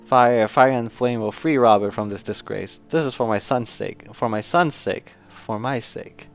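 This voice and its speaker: A man voicing a mad, guilt-ridden old nobleman, in a hushed, desperate and scornful manner, for a story game. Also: medium pitch, unhurried, creaky. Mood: hushed menace.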